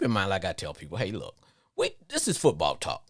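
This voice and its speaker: Lively, rambling man ranting about football. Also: brisk. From Arkansas, with Louisiana family. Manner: rambling, repeats words, laughs often, lively swings in pitch. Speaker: podcast host. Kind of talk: live sports call-in rant.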